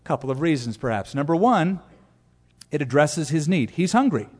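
A man preaching a sermon, animated, acting out quotes with asides to the congregation. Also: on the high side, moderate pace, husky. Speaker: pastor. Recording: long reverb of a church hall.

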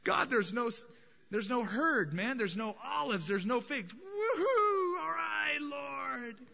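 A preacher voicing an ancient male prophet who whoops with defiant joy, shouting high and loud. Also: lively intonation, slow, gravelly, muffled recording, exaggerated voice. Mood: gleeful. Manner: shouting with high-pitched glee.

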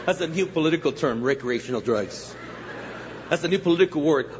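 High-voiced, jokey older preacher. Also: male voice, a little fast. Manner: jokey, animated, laughing at his own stories. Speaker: guest pastor. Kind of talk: humorous storytelling sermon. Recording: echoey church hall, dull muffled sound, faint hiss.

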